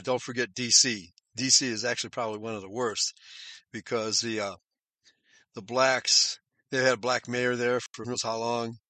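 A man's voice: medium pitch, sharp tone, no room sound. A man reading a news article aloud and breaking off into sarcastic commentary, with frequent chuckles. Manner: sarcastic asides between read passages, chuckling.

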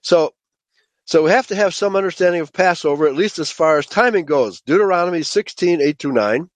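A man with a fairly high voice teaches a Bible study lecture to a group. He speaks emphatically, stresses his points, and keeps checking in with his listeners. The sound is dry and close, with no room echo. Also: lively intonation, brisk. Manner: emphatic, checks in with frequent "okay?"; addresses listeners as "folks".

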